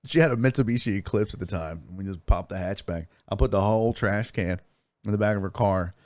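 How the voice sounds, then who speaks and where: A man's voice: on the low side, fairly quick, a little mellow, dry recording. A man hosting a sports live stream, chatting casually, telling stories, reading chat messages aloud and swearing freely. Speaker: sports streaming show host.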